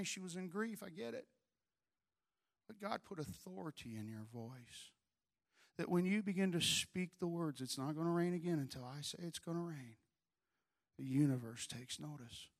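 A middle-aged man preaching a sermon, telling a story and building up to shouted, fiery preaching. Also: mid-range voice, moderate pace, vocal fry. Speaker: pastor.

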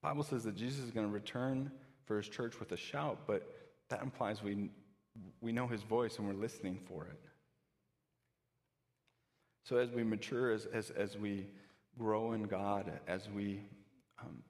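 A man's voice: lowish voice, fairly even intonation, normal speed, long pauses, a little mellow, long reverb tail. A pastor giving a conversational sermon, often restarting his sentences.

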